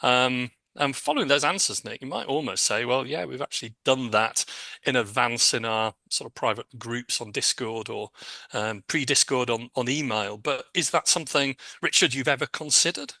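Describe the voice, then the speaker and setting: A man's voice: medium pitch, normal speed, gravelly, bright, forceful tone, dry recording. A man hosting a podcast, reading listener questions aloud and teasing his co-hosts dryly. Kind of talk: casual podcast chat.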